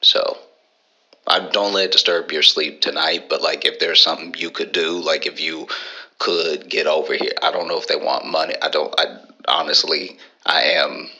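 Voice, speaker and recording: A man putting on a very deep, gravelly late-night caller. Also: steady tone, heavily acted. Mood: frightened. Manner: soft, halting, hesitant with fillers. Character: man phoning a buddy at night, gentle, then scared. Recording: dull, muffled lo-fi sound.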